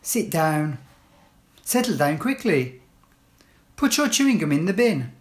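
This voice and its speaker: Slow, lilting woman reading classroom phrases. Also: low-pitched, big pitch swings. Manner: clear, deliberate phrase-by-phrase delivery. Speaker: language teacher. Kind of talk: slow read-aloud list of classroom phrases.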